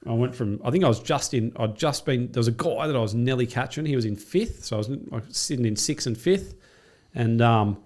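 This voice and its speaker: Man, rapid-fire talker, profane, animated storyteller, mid-pitched voice. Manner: rapid, profane, animated retelling with acted-out quotes. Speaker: podcast guest, triathlete and coach. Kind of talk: casual storytelling.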